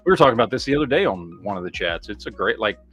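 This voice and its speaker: A man's voice: on the low side, rapid-fire, highs cut off, faint music behind. A man hosting a podcast, rambling in casual chat, swearing heavily and reacting to viewer comments. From Michigan, USA. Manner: heavy swearing, rambling, animated. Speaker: podcast host.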